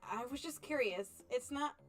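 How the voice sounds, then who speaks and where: A young woman streamer reading an otome game aloud and chatting with viewers, animated, laughing often and playfully mock-angry. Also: high-pitched, normal speed, soft background music. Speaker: VTuber streamer.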